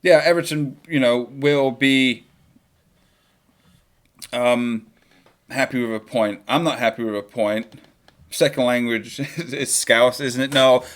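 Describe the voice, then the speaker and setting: Young man, mid-pitched voice, casual live-stream chatter, jokey football reactions, home mic. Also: fairly bright tone. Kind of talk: live match watchalong chat.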